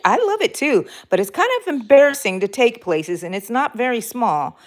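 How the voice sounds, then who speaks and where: A woman's voice: fairly high pitch, very animated, moderate pace. Chatty woman hosting a crochet livestream. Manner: chatty and warm toward viewers, rambling with fillers and self-corrections; talks while crocheting. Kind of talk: casual live-stream chat reading out viewer comments.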